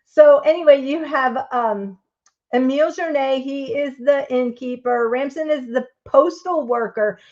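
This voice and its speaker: A woman's voice: high voice, unhurried, darkish tone, highs cut off. A woman hosting a live craft stream, chatting casually and rambling as she reads out viewer votes.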